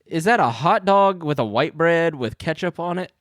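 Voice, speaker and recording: A man co-hosting a comedy podcast, asking halting questions with frequent restarts. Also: on the high side, animated, dry recording. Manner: hesitant, restarting questions, easy laughter. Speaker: podcast co-host. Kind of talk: casual comedic chat.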